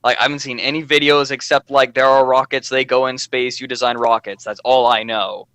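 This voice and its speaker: A man's voice: medium pitch, level tone, fairly quick, a bit bright, clean tone, no echo. A young man chatting casually on a livestream, rambling and poking fun at himself, with lots of "like". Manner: rambling, self-deprecating, lots of filler "like". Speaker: streamer and show regular.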